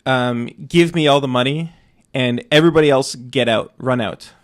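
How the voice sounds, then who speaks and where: A man playing a tabletop game, calmly declaring his character's actions in a laid-back, deadpan way. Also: mid-range voice, moderate pace. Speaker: player. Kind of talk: casual tabletop play.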